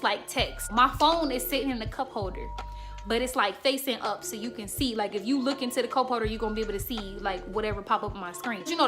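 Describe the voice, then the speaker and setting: A young woman in her twenties from the Chicago suburbs, telling candid stories to her viewers in a slangy, frank casual vlog. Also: fairly high pitch. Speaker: YouTuber.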